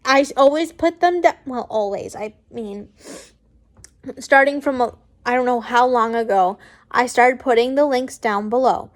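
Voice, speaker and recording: Woman reading fanfic out loud, high voice, keeps tripping and fixing her words. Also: moderate pace. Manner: stumbling, frequent restarts and self-corrections. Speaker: fan fiction reader. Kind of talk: casual story reading.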